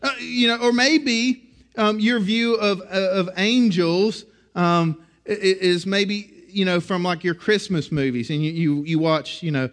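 A middle-aged man preaching a sermon in a conversational, animated way, often restarting his phrases. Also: high voice, a little slow. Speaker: pastor.

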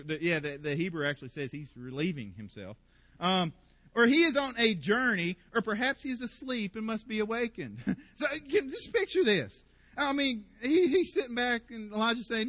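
A man delivers a lively sermon in a high, bright voice, playfully acting out the story's characters with a sarcastic edge. The sound is dry and close, with little room around it. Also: normal speed, dry recording. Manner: animated, playful, acts out quotes with sarcasm. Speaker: pastor.

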